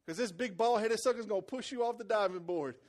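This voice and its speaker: A man preaching a sermon as pastor in a church, repeating phrases for emphasis and swinging between quiet, intense passages and loud, excited ones. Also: high-pitched, fast.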